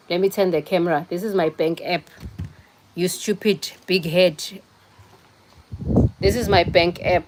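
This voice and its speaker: A woman's voice: on the low side, darkish tone, a little hiss or hum. A young woman hosting a casual livestream on her phone, chatting bluntly with viewers and scolding people in the comments. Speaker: livestream host. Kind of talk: casual live-stream chat with viewers.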